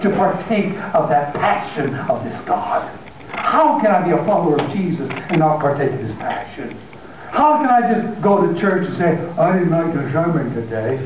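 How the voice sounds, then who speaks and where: A man's voice: high-pitched, a little hiss or hum. A man preaching an impassioned, emphatic sermon, using repeated phrases to drive his points home. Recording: echoey hall from far off, dull.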